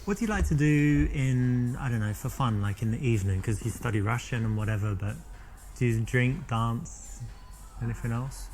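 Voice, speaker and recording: A man's voice: mid-range voice, normal speed, darkish tone, soft background music, lightly acted. A man playing a cocky British flirt. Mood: chatty. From England. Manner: boastful, teasing, rambling.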